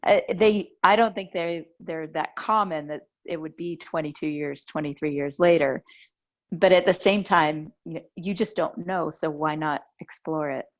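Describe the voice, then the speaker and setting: A woman's voice: low-pitched, moderate pace, lo-fi sound. A woman podcast host chatting casually and telling a story, acting out the voices she quotes. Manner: lively storyteller who acts out quoted voices.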